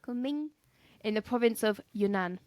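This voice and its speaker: A woman's voice: fairly high pitch, moderate pace, very noisy. A woman co-hosting a casual history podcast, teasing her partner, laughing often and stumbling over names as she tells the story. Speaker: podcast co-host.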